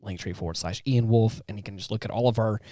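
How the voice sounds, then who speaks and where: Podcast co-host, male, lower voice, chatty and halting, dry studio sound. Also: mellow, dry recording. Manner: rambling, halting, laughs often. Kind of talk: casual chat.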